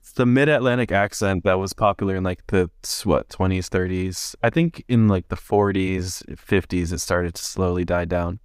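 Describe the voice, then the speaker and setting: A man with a fairly low voice chats on a podcast, spinning animated stories and laughing along the way. His voice is recorded dry and close, with no room sound around it. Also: normal speed, smooth, no room sound. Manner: animated storyteller who laughs often. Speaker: podcast co-host. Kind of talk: casual chat.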